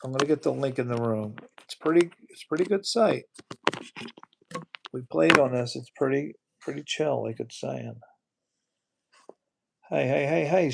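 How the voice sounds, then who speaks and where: A man's voice: mid-range voice, a little slow, vocal fry, pauses often, breathy edge. A man hosting a casual livestream, rambling and repeating his words, often breaking into disbelieving exclamations. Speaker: livestream host.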